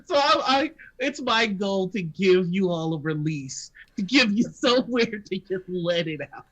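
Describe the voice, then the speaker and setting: A woman's voice: mid-range voice, lively intonation, a little slow, fairly bright tone. An American woman hosting a live stream, chatting casually, laughing often and stammering. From United States. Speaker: stream host. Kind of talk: casual chat.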